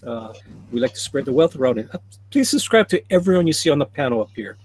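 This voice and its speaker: A man's voice: medium pitch, big pitch swings, quick pace, darkish tone, breathy edge. A man hosting a casual livestream, reading viewer comments aloud and chuckling often. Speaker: livestream host reading chat.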